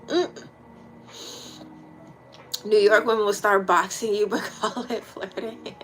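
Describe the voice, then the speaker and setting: A woman in her thirties with a Washington, D.C. accent, chatting casually and bluntly with her livestream viewers, swearing freely and dropping into quiet asides. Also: medium pitch, steady tone, slow, faint music behind, low-quality recording. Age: 30s. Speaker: livestream host.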